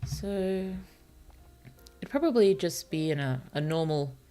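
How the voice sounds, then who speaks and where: A woman streaming as a virtual author, thinking aloud about her novel in a hesitant, musing way, with many fillers and soft laughs. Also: lowish voice, lively intonation, slow, faint music behind. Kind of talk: casual thinking-aloud livestream while writing.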